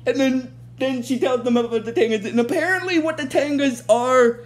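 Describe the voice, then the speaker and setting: A woman's voice: sits high, moderate pace. A woman casually recapping a TV episode in a rambling way, full of fillers and restarts. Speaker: show recap host.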